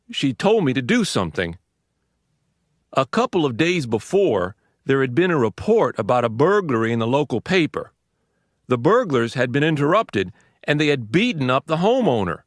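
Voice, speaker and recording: A man's voice: medium pitch, no room sound, studio quality. Man earnestly reading a personal story. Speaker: course narrator reading a letter. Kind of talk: scripted reading.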